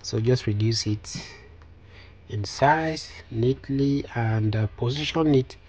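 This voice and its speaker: Husky-voiced man giving a design tutorial. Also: medium pitch, takes it slowly. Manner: calm step-by-step instructions with frequent fillers. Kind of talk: screen-recorded software tutorial.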